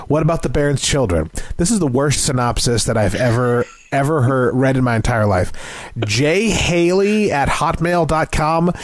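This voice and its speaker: A man's voice: mid-range voice, no room sound. A man co-hosting a casual movie review chat, talking in a crude, jokey, rambling way with many fillers. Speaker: podcast co-host.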